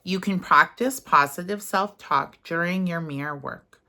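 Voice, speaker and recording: Woman reading affirmations real slow and gentle, kinda low voice, loosens up w/ ums when she goes off script. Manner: gentle and unhurried, slipping into casual fillers when speaking freely. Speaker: self-help guide. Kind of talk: guided affirmation session, partly read aloud.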